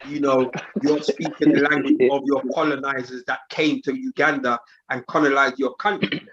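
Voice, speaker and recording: A man's voice: mid-range voice, a little slow, breathy edge, dull audio. A man, talking heatedly and indignantly in a casual podcast discussion, using slang. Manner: animated, indignant, uses slang.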